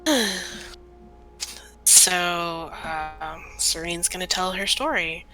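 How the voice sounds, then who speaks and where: Bright-voiced woman playing a tabletop game. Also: on the low side, slow, soft background music, rough recording. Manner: casual, describing her character's actions. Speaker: player. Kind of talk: tabletop role-play.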